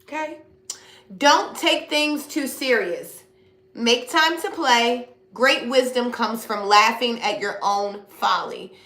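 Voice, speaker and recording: A woman's voice: a little high, takes it slowly, bright, forceful tone, reverberant. A middle-aged woman giving a casual spiritual reading to viewers, blunt and preachy, with slang and swearing. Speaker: spiritual reader.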